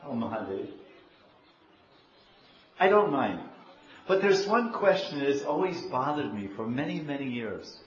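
A man voicing a shy, affectionate goddess wife who speaks softly and hesitantly, as part of a sermon. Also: mid-range voice, very animated, a little slow, pauses often. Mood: coaxing. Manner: soft, hesitant, coaxing. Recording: dull echoey room, faint hiss.

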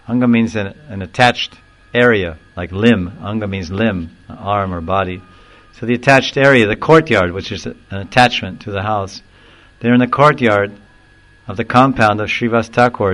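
A man giving a devotional discourse, explaining verses and telling a story in an animated way, now and then acting out the people in it. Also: lowish voice, poor audio. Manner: animated storyteller who acts out quoted voices and chuckles; recites Sanskrit verse slowly, then explains it. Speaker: spiritual teacher.

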